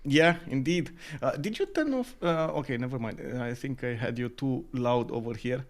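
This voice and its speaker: A man co-casting a strategy game tournament, talking in a halting way full of uh and um and laughing easily. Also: medium pitch, lively intonation. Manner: halting, filler-heavy talk, many uh and um; quick to laugh. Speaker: esports co-caster. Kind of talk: live game commentary.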